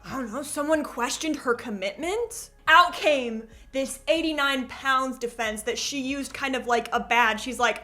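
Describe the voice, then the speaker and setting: A woman's voice: fairly high pitch, normal speed, few pauses, sharp tone, soft background music. A woman hosting a commentary video, narrating with sarcastic joking asides. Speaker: commentary channel host.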